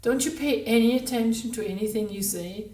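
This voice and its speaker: A woman reading a novel aloud, voicing a bewildered, awkward married man in plain, flat replies. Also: a little high, brisk, far from the mic, voice pushed up, natural voice. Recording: roomy, from the mic.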